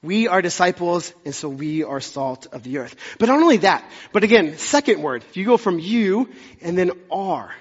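Chatty young pastor preaching. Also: male voice, sits high, expressive, normal speed, slightly rough. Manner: conversational, self-deprecating, jokey asides. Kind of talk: sermon. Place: church sanctuary. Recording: dull sound with long hall reverb.

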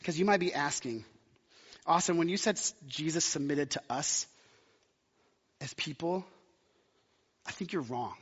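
A man's voice: fairly high pitch, expressive, unhurried, pauses often, a bit bright, husky. A man preaching a sermon, impassioned and building to emphatic climaxes. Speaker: pastor. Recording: muffled sound with long hall reverb.

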